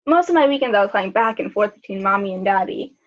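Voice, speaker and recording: A woman's voice: mid-range voice, expressive, fast talker, lightly acted. A young woman playing a sheltered rich girl. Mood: breezy. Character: rich sheltered girl at her first sleepover. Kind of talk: student skit acting. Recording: dull lo-fi school video audio.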